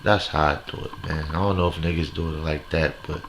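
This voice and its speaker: Brash, deep gravelly man ranting. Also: fairly even intonation, a little fast, noisy background. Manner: brash, profane, rambling with catchphrase fillers. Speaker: host of a comedy segment. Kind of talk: crude stand-up style rant to camera.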